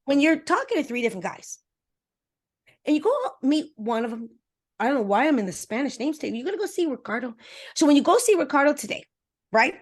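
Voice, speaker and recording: High-pitched woman dating coach on a podcast, super emphatic, hypes up the listeners, does little voices. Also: fast talker. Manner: energetic, emphatic, talks straight to listeners; acts out voices with expressive pitch swings. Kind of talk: podcast interview guest.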